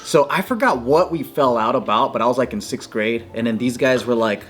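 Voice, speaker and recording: A man telling a story in casual chat, animated, swearing freely and acting out quotes in a raised voice. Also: fairly quick. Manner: animated, swears a lot, acts out quotes in a higher voice. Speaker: podcast guest.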